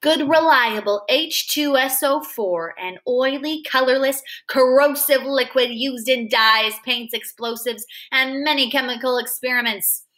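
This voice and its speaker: A woman's voice: high-pitched, a little slow, hardly any pauses, sharp tone. A woman voicing a small boy genius who talks in a fierce, bold way. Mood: cool threat.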